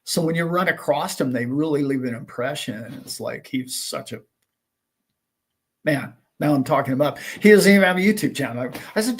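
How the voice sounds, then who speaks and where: A man's voice: a little high, lively intonation, a little fast, husky. A man hosting a livestream, chatting casually and greeting viewers, rambling and friendly with lots of filler words. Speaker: livestream host.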